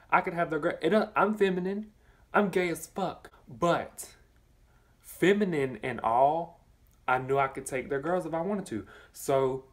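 Sassy young Southern man chatting. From southern United States. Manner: sassy, blunt and campy, with bursts of high exclamations; talks with his mouth full. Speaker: vlogger. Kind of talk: casual chat while eating.

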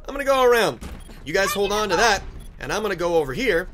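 A man's voice: sits high, very animated, fast talker, slight background noise. A man giving frantic, profane commentary while playing a team shooter game. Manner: frantic, swearing, yelling at teammates. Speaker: gaming YouTuber. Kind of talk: live gameplay commentary.

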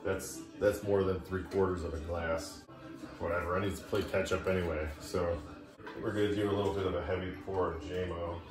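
Talking to himself on camera for a casual drinking vlog, a man stays chatty and self-mocking. He speaks briskly in a low-pitched voice with fairly even intonation. The echoey room has Irish music in the background.

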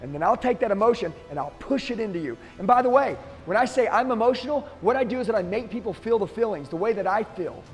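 A man's voice: high voice, expressive, fast, few pauses, big-room sound, highs cut off, faint music behind. A middle-aged man, a sales trainer, giving an intense, emphatic motivational talk to the camera.

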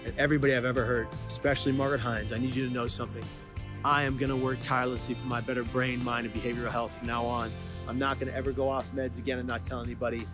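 A man's voice: medium pitch, level tone, very fast, over music. A man in his thirties talking earnestly and emotionally in a personal vlog, heartfelt and confessional. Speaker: vlogger.

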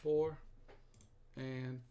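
An excitable host giving live commentary while opening sports cards, exclaiming over the pulls. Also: mid-range voice, drawn-out words, muffled recording. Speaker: sports card break host. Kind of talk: live card-break commentary.

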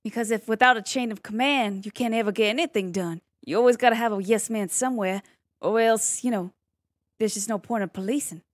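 A woman's voice: fairly high pitch, a little fast, no echo, close to an everyday voice. A woman with a Southern US accent playing an eager, giggly young Southern belle applying to be a police cadet, in an improvised role-play. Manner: bubbly, giggly, eager to please. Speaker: job applicant.

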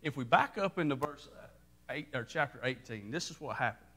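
A man preaching a sermon as pastor, telling the story with lively acted-out voices. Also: mid-range voice, brisk. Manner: animated storytelling, acting out voices with rising intensity.

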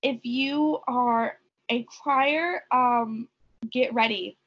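A woman's voice: on the high side, extremely slow, dull audio. A teenage girl emceeing a school talent show, upbeat and playful. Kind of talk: stage announcing. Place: school auditorium. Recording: noisy crowd in the room.

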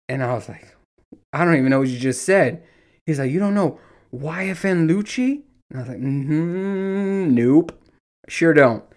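A man in his thirties ranting casually as a solo podcast host, telling stories with lots of swearing and acting out what people said. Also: mid-range voice. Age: 30s. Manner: animated, profane storytelling with mimicked dialogue.

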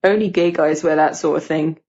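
A woman narrator voicing a teenage schoolboy who needles his classmates, lowering her voice into a put-on bass. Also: steady tone, brisk, darkish tone, dull audio. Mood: mocking. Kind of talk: audiobook character voice.

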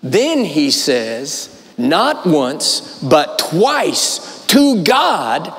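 A man's voice: fairly high pitch, wildly swooping pitch, extremely slow, few pauses, a bit bright. A man preaching a sermon, telling the story dramatically, voicing its characters, and repeating lines for emphasis. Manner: emphatic repetition. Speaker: guest preacher. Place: large church auditorium. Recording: long hall reverb.

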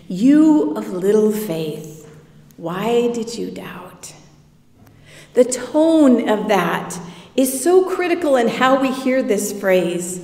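This woman pastor preaches in a reflective, conversational manner inside a church sanctuary. Her voice is medium-pitched and slightly mellow, captured from a distance in an echoey hall.

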